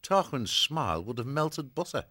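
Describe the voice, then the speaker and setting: A man narrating a children's fantasy audiobook in a measured, even storytelling manner. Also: mid-range voice, no room sound.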